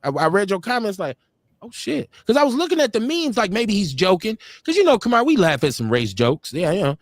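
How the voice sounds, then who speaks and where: A man's voice: high voice, huge pitch swings, quick pace, dry recording. A man co-hosting a live-stream talk show, talking casually with a blunt, profane, laughing manner. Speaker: podcast co-host. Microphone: streaming call.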